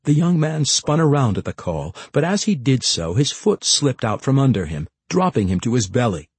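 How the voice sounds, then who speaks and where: Expressive male fantasy narrator. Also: mid-range voice, moderate pace, breathy edge, no room sound. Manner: expressive, shifting voices for characters. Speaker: audiobook narrator.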